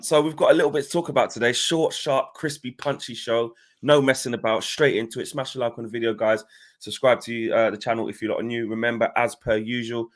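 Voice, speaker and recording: A man hosting a casual football news show, chatty and energetic, with frequent fillers and restarts. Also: medium pitch. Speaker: host. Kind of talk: casual football podcast chat.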